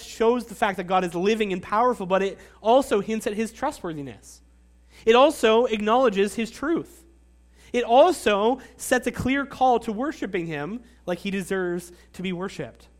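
A man with a high voice preaches a sermon. He teaches earnestly and leans on emphatic pauses. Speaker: pastor.

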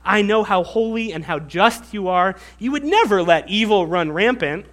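A man voicing an ancient prophet who flatters God with heavy sarcasm. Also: very high-pitched, rapid-fire, voice pushed up, full character voice. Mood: sarcastic.

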